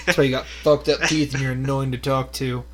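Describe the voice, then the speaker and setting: A man's voice: medium pitch, level tone, fairly quick, a bit bright. A young man co-hosting a podcast in a crude, joking, swear-heavy casual chat, with mains hum behind. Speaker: podcast co-host.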